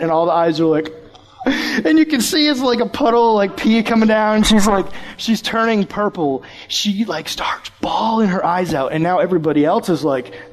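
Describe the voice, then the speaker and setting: A young adult man preaching a sermon, telling a personal story in an animated way and acting out voices from it. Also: high-pitched, a little fast. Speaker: youth pastor.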